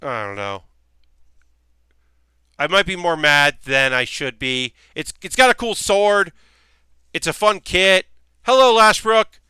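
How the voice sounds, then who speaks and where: Annoyed streamer man, bright crisp voice. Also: on the high side, animated, takes it slowly, long pauses, no echo. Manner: ranting, annoyed, rambling with many fillers. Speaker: streamer building model kits. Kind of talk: casual live-stream chat.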